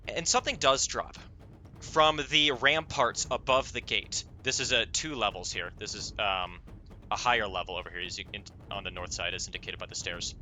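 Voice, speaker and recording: A man narrating a tabletop game as game master, halting often with filler sounds as he goes. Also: on the low side, pushed and bright, slight background noise.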